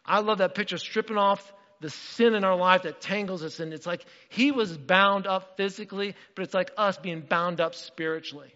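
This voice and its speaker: A man preaching a sermon as pastor, animated and acting out the voices in the story. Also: high-pitched, normal speed, few pauses, in a large hall, muffled recording. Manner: animated, acts out quotes.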